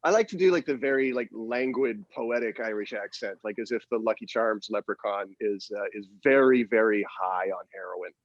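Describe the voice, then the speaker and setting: A man in his forties co-hosting a podcast, joking in a playful, animated way over a video call. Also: on the low side, normal speed, hardly any pauses, no room sound, muffled recording. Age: 40s. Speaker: podcast co-host. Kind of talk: casual chat.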